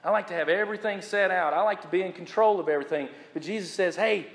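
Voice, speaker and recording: A man preaching a sermon as pastor, building to emphatic, drawn-out repeated phrases and dropping low for quiet asides. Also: long reverb tail.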